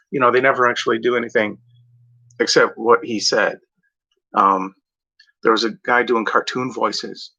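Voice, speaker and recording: This vlogger's voice is medium-pitched and sharp, with a steady tone, normal speed and long pauses. He rambles casually, leaning on "like" and "you know" and revising his words as he goes, in a dull, lo-fi home recording.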